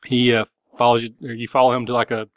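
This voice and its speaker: A man game master narrates a tabletop session in a loose, rambling way, with plenty of fillers and restarts. His voice sits at an ordinary pitch and is recorded close and dry, with no room sound. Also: little pitch movement, fast talker, no room sound.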